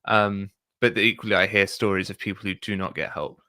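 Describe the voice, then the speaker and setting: A man hosting a casual discussion, talking in a thoughtful, measured way with frequent fillers. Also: deep voice, bright, forceful tone, dry recording, studio quality. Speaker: podcast host.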